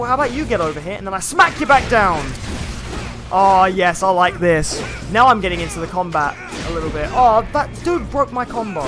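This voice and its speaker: A young man streaming a video game, chatting casually and excitably with lots of filler words as he plays. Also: high-pitched. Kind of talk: live gameplay commentary. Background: faint game music.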